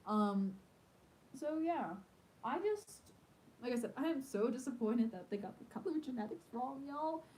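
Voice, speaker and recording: A woman's voice: high voice, lively intonation, a little slow, a little mellow, poor audio. A woman hosting a casual live stream from home, chatting in a rambling way with lots of fillers. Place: at home in the evening.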